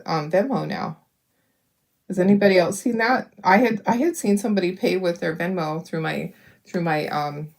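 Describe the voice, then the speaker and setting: With a low, slightly mellow voice, a middle-aged woman chats and rambles as she paints for her craft video. She laughs a lot and speaks directly to her viewers.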